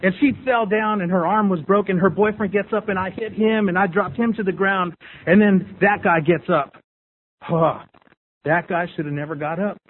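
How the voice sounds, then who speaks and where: A man's voice: high-pitched, fairly even intonation, moderate pace, a little hiss or hum. A man candidly sharing his recovery story with a group, talking in a repetitive, storytelling way. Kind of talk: personal testimony to a group. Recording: tinny phone-like radio sound.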